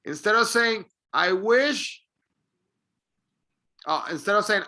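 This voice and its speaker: A man's voice: high voice, expressive, a little slow, pauses often, sharp tone. A man whose first language is Spanish, teaching an English lesson and patiently drilling example sentences. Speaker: ESL teacher.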